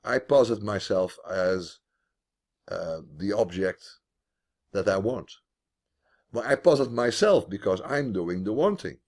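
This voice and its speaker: A man's voice: fairly low pitch, animated, unhurried, long pauses, a little mellow. A man teaching philosophy online in a video call, thinking aloud as he explains, with restarts and repeated words.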